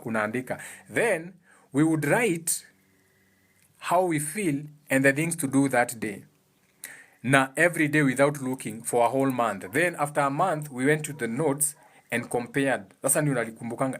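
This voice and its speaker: A man's voice: mid-range voice, moderate pace, a bit bright. A man with a Kenyan accent giving a casual motivational talk about emotions. He explains things earnestly and repeats his key points for emphasis. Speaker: speaker giving advice on emotions.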